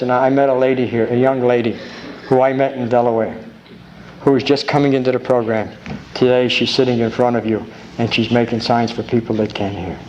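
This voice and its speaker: A man giving a talk at a recovery convention, folksy and grateful, telling stories with jokes, recorded on an old tape in a large hall. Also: medium pitch. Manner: folksy, grateful, tells jokes with rising excitement. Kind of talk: recovery meeting talk with storytelling. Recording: old tape with faint hiss.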